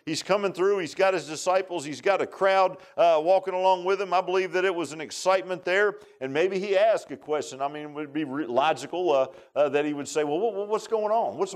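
A man preaches a sermon, his voice sitting a touch higher than most men's. He talks in a folksy, conversational way and climbs into loud, impassioned shouting. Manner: excitable preaching that builds to shouting, folksy asides. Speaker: pastor.

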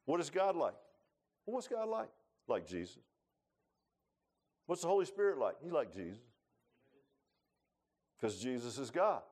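A middle-aged man preaching a sermon as pastor, folksy, swinging from loud rising bursts to low quiet asides. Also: big pitch swings, unhurried, pauses often.

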